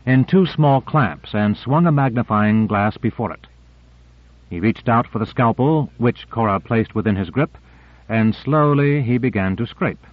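A man reading an audiobook in a measured, even narration. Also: fairly low pitch, no room sound. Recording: dry narrow phone-like audio.

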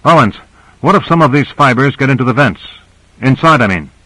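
A man's voice: mid-range voice, animated, a little fast, bright, forceful tone, dry recording, poor audio. A man plays a tough, irritable male agent who speaks bluntly and curtly. The voice is dry and close, read as part of an audiobook.

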